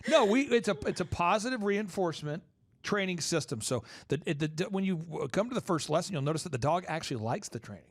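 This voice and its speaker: Man, high voice, podcast host, rambling, animated, casual chat. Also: fast, no echo. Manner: rambling and animated, acts out what people say. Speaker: podcast host promoting a dog training business.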